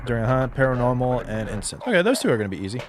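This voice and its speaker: A man's voice: mid-range voice, big pitch swings, very fast, faint music behind. A man giving casual commentary while streaming a game, chatty and thinking aloud with frequent fillers.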